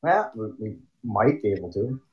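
A man's voice: fairly low pitch, sing-song, moderate pace, muffled recording. A man co-hosting a podcast, trading sarcastic wisecracks in casual banter. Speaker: podcast co-host.

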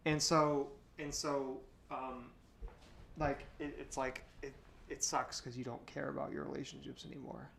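A man's voice: medium pitch, flat delivery, measured pace, vocal fry, fairly bright tone. A young man talking candidly in a casual podcast chat, rambling with lots of fillers. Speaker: podcast guest.

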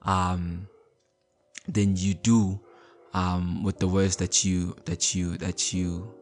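A man's voice: low voice, flat delivery, slow pace. A man hosting a podcast in a casual motivational talk, conversational, repeating words and often checking in with listeners. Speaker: podcast host.

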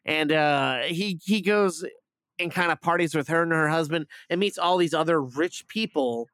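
A man's voice: a little high, moderate pace, a bit bright, no room sound. A man casually retelling a movie plot on a review podcast, rambling with lots of fillers and swearing. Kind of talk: casual chat.

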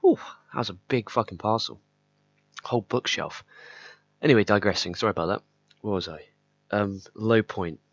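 Male podcast host, low-pitched, rambling and candid, dull lo-fi sound. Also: moderate pace. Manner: candid, rambling, swears often. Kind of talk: personal podcast monologue. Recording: slightly dull lo-fi audio.

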